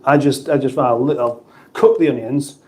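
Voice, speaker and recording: A middle-aged British man hosts a casual livestream, rambling through viewer comments with restarts and banter. He speaks at medium pitch and normal speed, in a slightly mellow voice.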